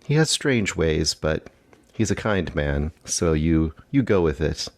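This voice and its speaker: A man with a very deep voice muses aloud in a solo podcast segment, drifting into an improvised story. He talks in a wry, hesitant, rambling way. The sound is dry and close. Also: big pitch swings, measured pace, no room sound. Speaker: podcast contributor. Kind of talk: musing monologue, rambling storytelling.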